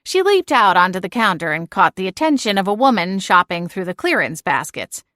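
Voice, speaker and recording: A woman's voice: mid-range voice, very animated, brisk, fairly bright tone, no room sound, clean studio sound. Woman narrating a first-person audiobook.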